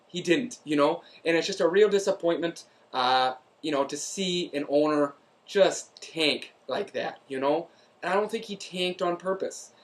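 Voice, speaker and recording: A man's voice: on the high side, close to an everyday voice. A man playing a chatty Minnesotan sports fan as a guest commentator, folksy and rambling, with a Minnesotan accent, in a comedic character bit. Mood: rueful. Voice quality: folksy, rambling, drops local sayings.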